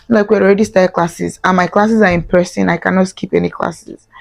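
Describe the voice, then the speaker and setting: A woman's voice: medium pitch, steady tone, brisk, creaky, darkish tone, faint music behind. A young adult woman from Nigeria, earnestly telling a personal story on her vlog and repeating phrases for emphasis. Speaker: vlogger.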